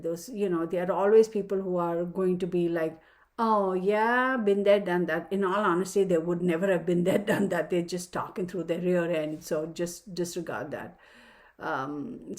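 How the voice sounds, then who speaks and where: A woman's voice: fairly low pitch, a little mellow. Chatty, frank woman reading horoscopes. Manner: chatty, frank, slips into mock dialogues. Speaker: astrologer giving weekly sign readings. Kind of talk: casual chatty astrology forecast.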